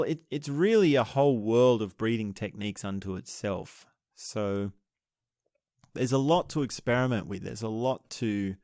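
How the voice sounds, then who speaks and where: A man teaching breathing techniques in a slow, measured way, explaining each step and pausing to restart his phrases. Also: lowish voice, no echo, clean studio sound. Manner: explains step by step, demonstrating laughter breathing aloud. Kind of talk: spoken lesson on breathing techniques.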